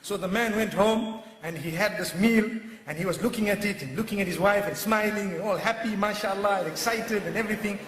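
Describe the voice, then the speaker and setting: A man's voice: high-pitched, fairly quick, a bit bright, husky. A man preacher giving a humorous sermon, telling playful stories with punchlines. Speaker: Islamic preacher.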